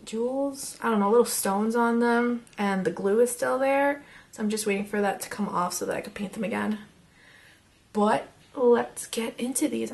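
A young woman casually reviewing makeup as she swatches it, chatty and excitable and half losing her voice. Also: mid-range voice, vocal fry. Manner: chatty and excitable, drops to whispers. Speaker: beauty vlogger.

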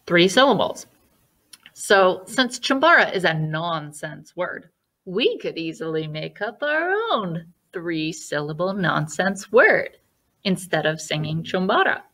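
Slow, patient woman music teacher. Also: on the low side, sharp tone. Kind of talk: online music lesson for children.

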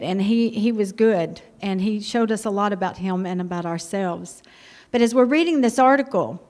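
A middle-aged woman, a missionary pastor's wife, telling a lively, heartfelt story to a church. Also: mid-range voice. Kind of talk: personal testimony to a church.

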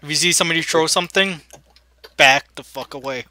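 A man talking to teammates over game voice chat, his voice very bright and sharp and a little high. He is excitable and swears when caught off guard. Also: fairly quick. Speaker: gamer on voice chat.

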